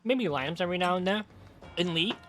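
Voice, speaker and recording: A man's voice: high voice, lively intonation, quick pace, a bit bright, faint music behind. A man streaming and chatting casually about games, rambling and swearing freely.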